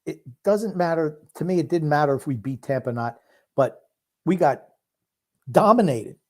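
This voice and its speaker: Opinionated male podcast co-host, somewhat high-pitched, blunt and argumentative in casual chat. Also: expressive, moderate pace.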